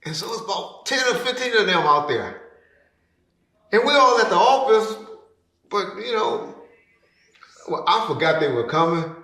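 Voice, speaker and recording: A man telling a story in casual talk, animated, who acts out the people he quotes with sudden loud, high bursts. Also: moderate pace, pauses often. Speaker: podcast guest telling a story. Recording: roomy echo.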